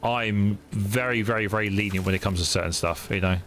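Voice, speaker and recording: A young man streaming a game, chatting casually with viewers in a rambling, halting way with many restarts. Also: fairly low pitch, fairly even intonation, over music. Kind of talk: casual chat while gaming. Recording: noisy stream audio.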